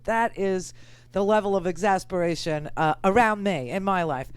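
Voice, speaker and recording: A woman's voice: medium pitch, normal speed, smooth, dry recording. An older woman hosting a political talk show, chatty and candid, often exasperated. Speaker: radio talk show host.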